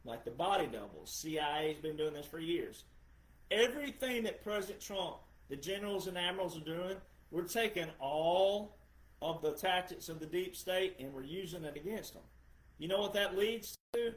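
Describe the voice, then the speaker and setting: Man, podcast host, high-pitched, emphatic, repetitive, lecturing, roomy echo. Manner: emphatic, lecturing, repeats phrases for effect. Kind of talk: political commentary monologue.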